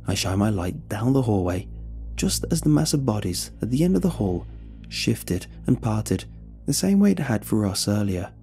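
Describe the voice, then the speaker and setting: A man narrating a horror story in a measured, dramatic way. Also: on the low side, sing-song, mellow, soft background music.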